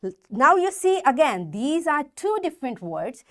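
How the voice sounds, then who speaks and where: A woman teacher with a fairly high voice leads a school lesson, spelling words letter by letter. Her pitch swings widely as she stresses each example. She talks deliberately, repeating points for young pupils. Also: sing-song, fairly bright tone. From Pakistan. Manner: slow, emphatic spelling out of words. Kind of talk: classroom lesson.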